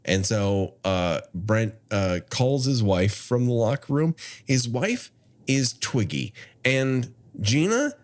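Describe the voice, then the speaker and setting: A man's voice: medium pitch, expressive, slow. A man co-hosting a podcast, recapping a horror film in casual chat with wry asides and frequent laughs. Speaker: podcast co-host.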